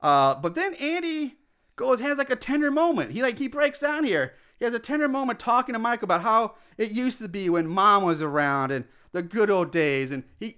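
High, bright-voiced man recapping a film. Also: clear, resonant tone. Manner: rambling, animated retelling with quoted asides. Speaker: podcast co-host recapping a film. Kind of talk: casual chat.

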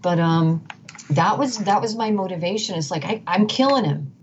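A woman's voice: fairly low pitch, expressive, normal speed. A middle-aged woman, a guest, telling her story earnestly and emphatically, often restarting and repeating phrases. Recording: dull lo-fi sound with faint noise.

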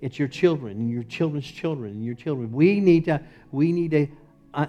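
A male pastor preaching a sermon in a church, moving from loud emphatic lines to low, quiet ones. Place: church sanctuary.

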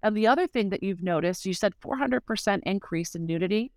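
A middle-aged woman shares a personal story as an interview guest, earnest and heartfelt, often pausing on fillers. Her voice sits in a middle range, recorded dry and close. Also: mid-range voice, expressive, darkish tone, dry recording. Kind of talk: casual conversational testimony.

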